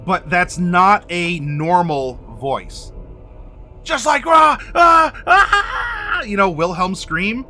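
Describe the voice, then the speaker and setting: A man hosting a game master workshop, talking to camera and addressing the viewer directly in an animated way. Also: sits high, slow, faint music behind. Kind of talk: instructional talk to camera.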